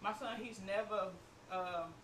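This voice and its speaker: A woman's voice: mid-range voice, measured pace. A woman chatting on a podcast as a mother, speaking emphatically and repeating her points. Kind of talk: casual chat. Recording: roomy, distant mic, noisy.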